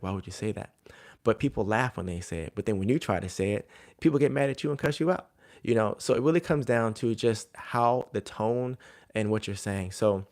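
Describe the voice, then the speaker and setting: Male coach, lowish voice, relaxed storytelling advice with lots of fillers. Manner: conversational, filler-heavy storytelling. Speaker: jump coach. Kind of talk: casual advice talk to coaches.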